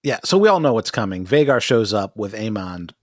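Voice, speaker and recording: Podcast dude recapping a show, swears a lot, pitch bouncing all over, dry close mic. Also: male voice, a little fast, no room sound. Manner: animated, profane, laughs often, mimics characters. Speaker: podcast co-host. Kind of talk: casual recap chat.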